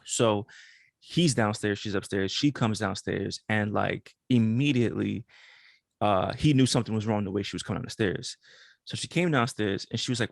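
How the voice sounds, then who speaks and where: Brief: young man, gravelly mid voice, laid-back podcast storyteller, dry close sound. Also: lowish voice, moderate pace, no echo. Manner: relaxed storyteller, swears casually. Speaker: podcast co-host. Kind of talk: casual storytelling.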